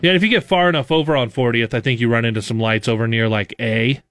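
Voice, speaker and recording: A man hosting a casual radio talk show, reading out listener messages in a quick, chatty way. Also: medium pitch, steady tone, fairly bright tone, dry recording, studio quality. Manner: reads listener texts aloud, quick and chatty with laughs.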